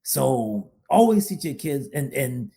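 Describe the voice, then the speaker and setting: Male co-host, mellow dark voice, emphatic, repeats himself, casual chat. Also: medium pitch, big pitch swings, slow, vocal fry. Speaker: podcast co-host.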